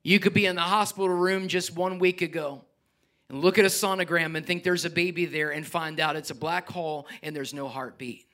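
With a high, bright voice and a fairly quick pace, a pastor gives a spirited sermon to his congregation. He alternates between rousing, loud exhortation and hushed, personal confidences.

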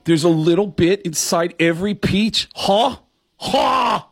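A comedian guest doing exaggerated celebrity impressions for mock radio ads. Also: male voice, high voice, lively intonation, takes it slowly, slightly rough, heavily acted. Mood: comic, over the top. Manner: switches into exaggerated put-on voices. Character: male celebrity impressions, brash and loud.

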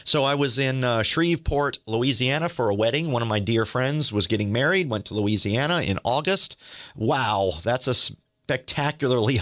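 A man's voice: mid-range voice, a bit bright, dry recording, clean studio sound. A middle-aged man hosting a faith podcast, telling stories in an earnest, eager way. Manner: earnest, eager, acts out quoted dialogue. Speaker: podcast host. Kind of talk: testimony storytelling.

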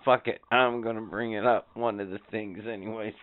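Brief: male podcast co-host, sarcastic and profane, smooth voice with a touch high, dry phone-like sound. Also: fairly even intonation, a little fast, no room sound. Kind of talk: crude casual chat.

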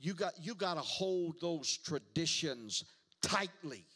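A man's voice: fairly high pitch, lively intonation, slow pace, bright, forceful tone. A man preaching a sermon as pastor, emphatic, repeating words and calling the congregation to answer back.

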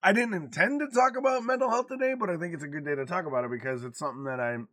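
A man's voice: on the high side, rapid-fire, fairly bright tone, dry recording, studio quality. A man in his forties co-hosting a podcast in casual chat, talking frankly and confessionally and swearing freely. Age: 40s. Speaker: podcast co-host.

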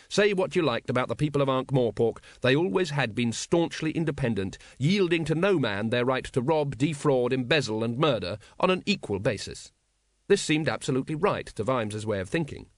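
A man reading an audiobook aloud in a wry, expressive storytelling manner. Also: medium pitch, normal speed, dry recording. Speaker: audiobook narrator. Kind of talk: scripted narration.

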